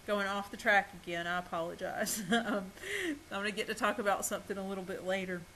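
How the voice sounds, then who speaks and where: A woman's voice: mid-range voice, fairly even intonation, a little fast, pushed and bright, slight background noise, rough recording. A woman giving a recorded college lecture, hesitant, with many ums and restarts and small laughs at herself.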